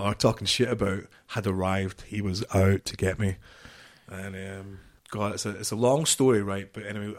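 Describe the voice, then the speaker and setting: A middle-aged man from the United Kingdom, a former marine guest telling stories bluntly, with frequent swearing. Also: on the low side. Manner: blunt, swears often, vivid anecdotal storytelling. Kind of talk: casual storytelling interview.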